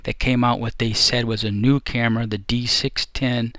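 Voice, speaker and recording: Male host, mid-pitched, chatty and rambling, dry close recording. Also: flat delivery, normal speed, fairly bright tone, no echo. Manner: rambling, restarts phrases, conversational. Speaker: host ranking photography instructors. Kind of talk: casual talk.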